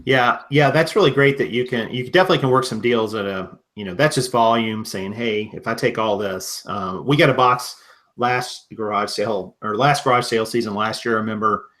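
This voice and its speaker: A man's voice: lowish voice, a little fast, a bit bright. A man hosting a live-streamed interview, chatty and friendly, addressing his viewers directly.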